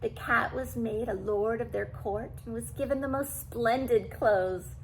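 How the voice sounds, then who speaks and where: An older woman reading a classic storybook aloud to children, animated and stopping for asides to the listener. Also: a little high, a little slow, slight background noise, poor audio.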